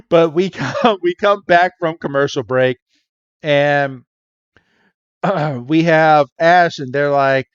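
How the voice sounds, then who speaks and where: A man's voice: a little high, slow, long pauses, clear, resonant tone, dry recording, dull audio. A man co-hosting a podcast, casually recapping a cartoon episode, laughing often and acting out the characters' lines. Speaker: podcast co-host.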